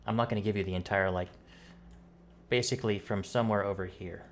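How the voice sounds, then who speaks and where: A man serving as game master for a tabletop game speaks haltingly, with many fillers and restarts, and coughs at one point. His voice is lowish and steady, with slight background noise behind it.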